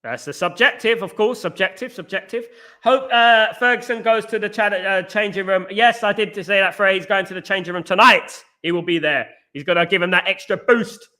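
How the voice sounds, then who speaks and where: A man hosting a football fan live stream, bantering and giving shout-outs to viewers in the chat. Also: sits high, normal speed. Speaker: host.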